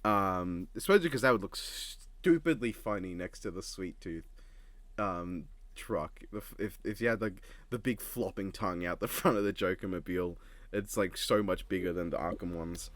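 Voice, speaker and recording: A man's voice: low voice, moderate pace, no room sound. A man with an Australian accent, co-hosting a casual reaction chat and rambling through his points. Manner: rambling, with frequent restarts and laughs. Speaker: co-host reacting to an episode.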